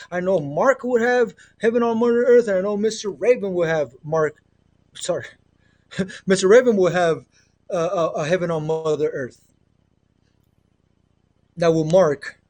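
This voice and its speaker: A man's voice: high voice, darkish tone. A middle-aged man with a Mexican accent, talking on a casual spiritual livestream from home through an earbud mic. He rambles earnestly, often trailing off and restarting. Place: home with children nearby. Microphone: earbud headset.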